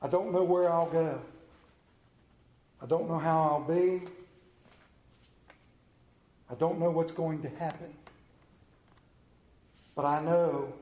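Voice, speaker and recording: Folksy preaching man in an echoey room. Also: on the high side. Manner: folksy storytelling, swinging from loud excitement to hushed tones. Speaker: pastor. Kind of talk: sermon.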